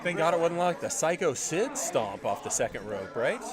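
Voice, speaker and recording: A man's voice: a little high, very animated, moderate pace. Agreeable male color commentator at ringside. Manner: agreeable, reactive. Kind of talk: match commentary. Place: wrestling event venue. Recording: loud crowd all around. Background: loud crowd.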